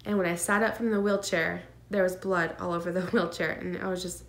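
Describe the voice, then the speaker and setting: A woman's voice: fairly low pitch, steady tone, a little fast. Woman telling an emotional story, echoey room. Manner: emotional, earnest, many fillers and nervous laughs. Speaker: vlogger sharing her twin pregnancy. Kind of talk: casual personal storytelling.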